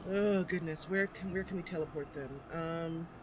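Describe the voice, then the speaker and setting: A woman's voice: lowish voice, fairly even intonation, normal speed, noisy background. A woman streamer narrating a game roleplay in a giggly, rambling way.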